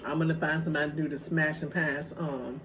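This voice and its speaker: A woman vlogger chatting casually while eating, playful and quick to laugh. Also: low-pitched, level tone, fairly bright tone. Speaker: mukbang vlogger. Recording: noisy home recording.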